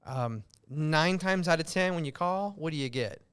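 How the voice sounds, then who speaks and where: An American man hosting a podcast, giving advice in a loose, filler-heavy way that gets animated when he makes a point. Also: fairly high pitch, normal speed, clean tone. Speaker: podcast host, real estate coach. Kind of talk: casual podcast chat giving tips.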